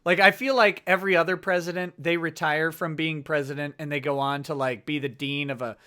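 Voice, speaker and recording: A man's voice: a little high, steady tone, brisk, pushed and bright. A man hosting a casual livestream chat, riffing and laughing often. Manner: chatty, laughs often, riffs on jokes. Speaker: host.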